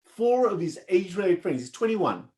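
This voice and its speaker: A man's voice: sits high, very animated, brisk, a little mellow. A middle-aged man speaking as a doctor guest in an interview, earnest and explaining his points at length. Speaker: surgeon guest. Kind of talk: conversational interview.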